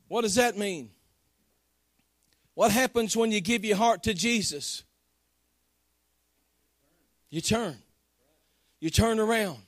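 Fervent high-voiced male preacher. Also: takes it slowly, long pauses, no echo, clean studio sound. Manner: fervent, Southern-tinged folksy preaching with call-outs to the congregation. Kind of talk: sermon.

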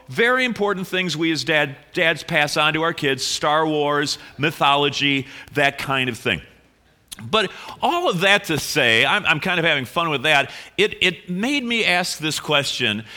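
A middle-aged man, a pastor, praying and then chatting with his congregation in a relaxed, joking way full of fillers. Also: fairly high pitch. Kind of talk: sermon opening with prayer and chat. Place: church sanctuary. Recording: long hall reverb.

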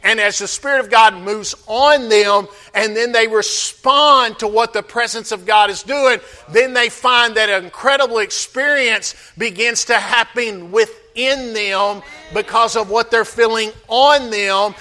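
A man's voice: high voice, measured pace, hardly any pauses, pushed and bright. A man pastor preaching a sermon, calling out to the congregation for responses.

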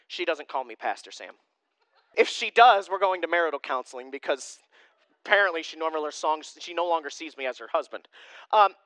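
Male pastor, 30s, casual sermon delivery; bright forceful tone, close dry sound. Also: a little high, lively intonation, a little fast, clear, resonant tone, no room sound. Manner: conversational, self-deprecating humor.

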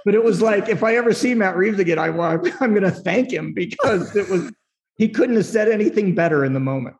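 Animated storytelling man with a higher voice. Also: fairly quick. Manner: animated storyteller, acts out quotes, laughs often. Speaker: screenwriter guest. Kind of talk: candid storytelling interview.

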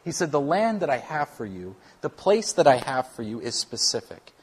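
A man, a worship pastor, preaching a conversational sermon, animated and at times self-deprecating. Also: medium pitch, normal speed, husky.

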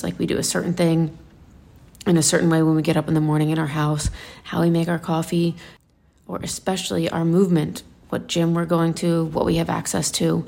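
Gravelly-voiced woman chatting casually. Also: fairly low pitch, darkish tone. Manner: chatty, rambling, many fillers and restarts. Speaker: lifestyle vlogger. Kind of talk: casual vlog chat.

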